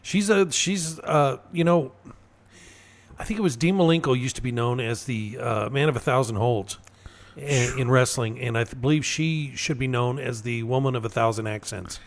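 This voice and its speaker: A man co-hosting a casual political talk radio show, talking in a halting way with fillers and restarts. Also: mid-range voice. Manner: halting, lots of fillers and restarts, laughs at own stories. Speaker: radio co-host.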